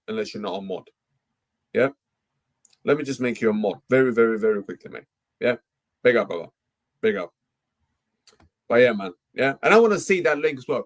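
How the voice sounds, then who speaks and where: A young man hosting a football live stream, ranting heatedly and tagging nearly every phrase with "yeah?" and "mate". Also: mid-range voice. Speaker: football livestream host.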